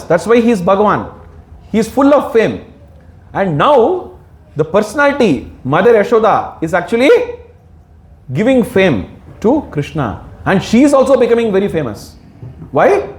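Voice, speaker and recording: A man's voice: high voice, reverberant. A man giving a devotional sermon, asking the audience questions and answering them himself. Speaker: devotional speaker.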